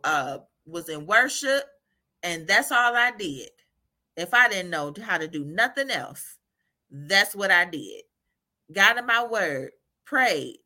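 Bright, animated woman encourager. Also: mid-range voice. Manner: animated, laughs often, asks "right?" repeatedly. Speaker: faith encourager. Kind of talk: informal devotional talk.

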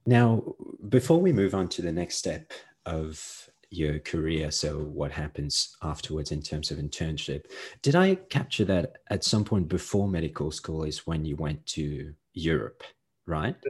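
Very deep, husky young man. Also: expressive, measured pace, a little mellow. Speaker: podcast host, medical student. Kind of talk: interview.

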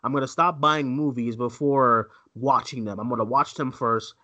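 A man's voice: mid-range voice, normal speed. A man co-hosting a casual movie podcast, ranting and mimicking voices as he talks. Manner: animated, ranting, mocking voices. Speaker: co-host.

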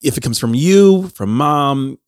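A man's voice: medium pitch, expressive, measured pace, no echo, clean studio sound. A man hosting a podcast, upbeat and affectionate, laughing easily while he talks with his guest. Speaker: podcast host. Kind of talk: casual podcast interview.

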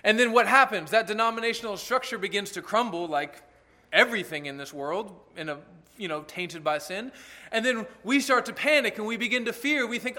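Male pastor, sermon, high voice, bright tone, emphatic delivery with asides to the congregation. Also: brisk.

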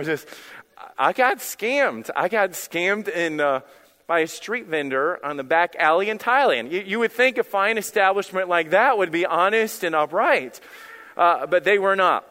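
Animated storytelling pastor in a hall. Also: male voice, high voice, unhurried. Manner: animated storytelling with quoted dialogue. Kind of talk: sermon.

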